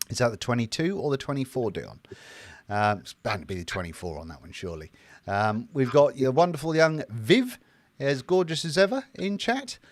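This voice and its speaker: A man from the United Kingdom co-hosting a casual livestream, reading out viewer comments in a jokey, chatty way with plenty of fillers. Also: medium pitch. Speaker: livestream co-host reading chat. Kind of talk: casual live chat.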